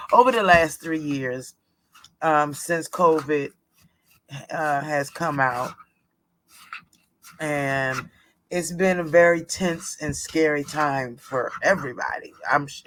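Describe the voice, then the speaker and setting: A man vlogger telling his personal story in a chatty, unhurried way, with plenty of fillers along the way. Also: on the high side, fairly bright tone.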